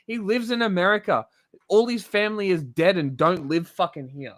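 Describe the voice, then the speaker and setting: A man's voice: high voice, moderate pace, a bit bright, no room sound, studio quality. An Australian man streaming, ranting bluntly and swearing a lot as he reacts to a video. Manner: blunt, heavy swearing, exasperated. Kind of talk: casual profane rant.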